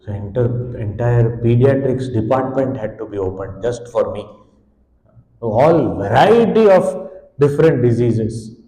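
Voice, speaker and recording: A man, a swami, giving a devotional discourse on a hymn, with expressive storytelling that sometimes speaks in the voice of a helpless infant. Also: medium pitch, a little slow. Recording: echoey hall.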